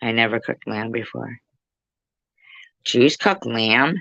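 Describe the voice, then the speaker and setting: A woman's voice: rumbling low, takes it slowly, gravelly, fairly bright tone, dry recording. A woman hosting a casual livestream, teasing and joking with her viewers. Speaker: livestream host. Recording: dull lo-fi sound.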